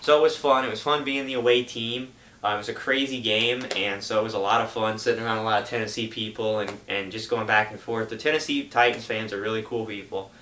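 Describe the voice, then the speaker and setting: A man's voice: fairly low pitch, fairly even intonation, quick pace, pushed and bright, reverberant, slight background noise. A young man hosting his gaming channel, giving a rambling, casual update full of fillers. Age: young adult. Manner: rambling, loose, lots of fillers. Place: home room.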